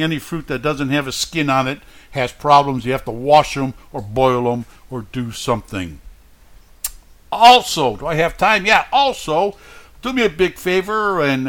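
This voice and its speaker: A man's voice: on the high side, fairly bright tone. A man hosting a radio show, talking in a folksy, rambling way and stumbling over words now and then. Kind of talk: casual radio sign-off.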